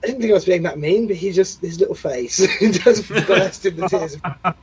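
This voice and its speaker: A man's voice: high-pitched, normal speed, husky, rough recording. A man hosting a casual podcast chat, rambling and self-deprecating. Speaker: podcast host.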